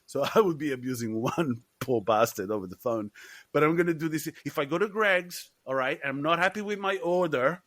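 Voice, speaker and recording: Excitable higher-voiced guy on a movie podcast, swears a lot, dry close sound. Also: fairly quick, no echo. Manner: animated, swearing, laughing, shouting bits. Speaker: podcast co-host. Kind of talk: casual film chat.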